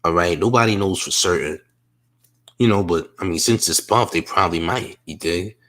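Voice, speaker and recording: Male reaction host, low voice, casual streetwise patter with lots of asides. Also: normal speed, fairly bright tone. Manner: streetwise slang, frequent "you dig". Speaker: news commentary host.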